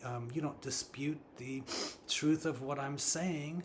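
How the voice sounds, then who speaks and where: A man's voice: fairly high pitch, fairly even intonation, slow, slight background noise. A man voicing a mocking male monkey who lectures a human from the treetops, full of rhetorical questions and ums. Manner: scolding, rhetorical, hesitant with ums.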